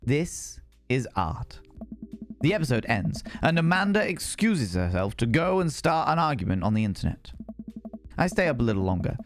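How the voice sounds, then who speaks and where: A man casually playing a dating game on stream, reading the text aloud and rambling to chat. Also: medium pitch.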